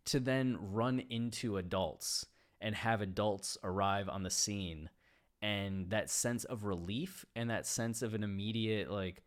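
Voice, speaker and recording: Male host, fairly low voice, casual book-talk monologue, lively anecdotes with frequent laughs. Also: a little slow. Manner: animated storyteller, laughs often mid-sentence.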